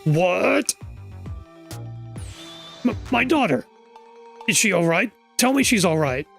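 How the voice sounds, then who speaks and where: A panicked middle-aged minister voiced by a streamer stammers and pleads. The pitch swings widely, and faint music plays behind. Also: big pitch swings, takes it slowly, creaky, exaggerated voice. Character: frightened middle-aged male government minister. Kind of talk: reading game dialogue aloud.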